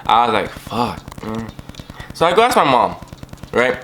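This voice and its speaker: A young man casually telling a personal story to the camera, animated and profane. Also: medium pitch, fairly quick, slight background noise, rough recording. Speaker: vlogger.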